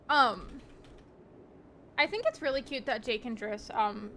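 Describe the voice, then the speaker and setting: A young woman chats with her live-stream viewers in a high, bright voice, rambling along with frequent ums and giggles. She takes her time and lets her words stretch out. A faint hiss of background noise sits under her voice. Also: slow. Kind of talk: casual chat with live viewers.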